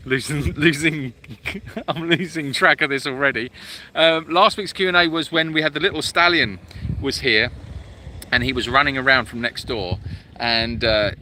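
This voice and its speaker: A man's voice: on the low side, bright, forceful tone, slight background noise. A man hosting a casual live-stream Q&A for an animal sanctuary. He chats and teases while reading out viewer comments, with frequent ums.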